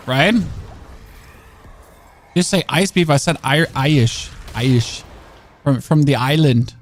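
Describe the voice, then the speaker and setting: A German man with a German accent streams a game, rambling, joking and often restarting sentences as he chats casually. His voice is fairly high, and he takes it slowly with long pauses, repeating and correcting himself.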